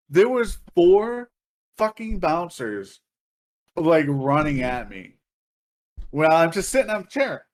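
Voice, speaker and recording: A man co-hosting a casual podcast, telling a wild story with lots of swearing and bursts of laughter. His voice sits a bit high for a man, and he jumps into other people's voices as he goes. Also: unhurried. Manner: animated, profane, laughing, acts out voices. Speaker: podcast co-host.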